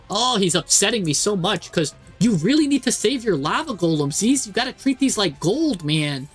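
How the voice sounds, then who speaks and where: A man streaming live, commentating a card game match and talking to the players on screen in an exasperated, animated way. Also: high voice, moderate pace, breathy edge, soft background music.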